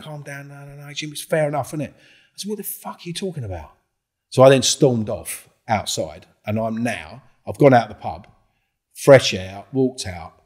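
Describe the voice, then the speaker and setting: Fairly low-pitched and husky, a middle-aged man tells an animated story as a podcast guest. He keeps it casual, curses freely, and performs the dialogue.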